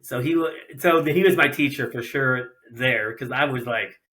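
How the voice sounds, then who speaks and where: A middle-aged racer from Ohio, USA, guests on a podcast and tells stories casually. He's animated, acting out the voices of people he quotes, in a mid-range voice at normal speed.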